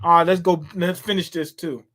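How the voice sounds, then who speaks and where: Casting: man with a high-set voice, casual manga read-along, chatty quick reactions. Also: steady tone, bright, forceful tone. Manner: reads panels aloud, reacting with quick asides. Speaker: manga reader and commentator. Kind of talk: casual read-through with commentary.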